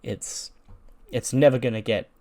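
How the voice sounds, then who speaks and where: A man's voice: medium pitch, steady tone, a little slow, mellow, lightly acted. Earnest young woman wrestling champion, read by a man, plain voice, game recap.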